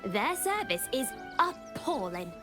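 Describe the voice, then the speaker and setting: A prim, haughty townswoman complains fussily in a video game. Her voice is fairly high and lively, with clear music playing behind her. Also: slow pace. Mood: fussy. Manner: fussy, complaining.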